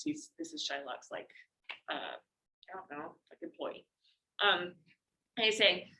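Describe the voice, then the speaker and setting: Woman teacher, casual classroom lecture, many fillers, bright tone, medium pitch. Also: lively intonation, moderate pace, poor audio.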